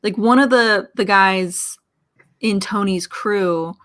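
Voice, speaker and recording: A woman from Philadelphia, a guest on a casual chat show, telling animated anecdotes full of quoted dialogue. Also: medium pitch, takes it slowly.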